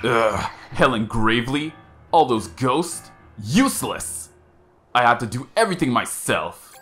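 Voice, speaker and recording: A man putting on a theatrical ghost king, sneering and ranting, with a lively voice that swings up and down. His pitch sits in a middle range while he gloats over his foe in this video game villain read. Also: measured pace, soft background music. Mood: gloating. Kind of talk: reading game dialogue aloud.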